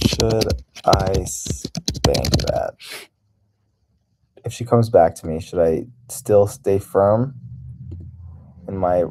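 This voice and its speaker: A man's voice: low voice, warm tone, a little hiss or hum. A man hosting a livestream, talking casually and candidly in a rambling way, often laughing. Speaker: livestream host.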